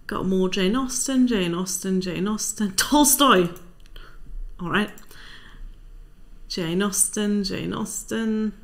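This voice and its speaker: A woman's voice: medium pitch, takes it slowly, long pauses. A young woman hosting a book channel, chatting casually and reading out viewer answers with wry, dry asides.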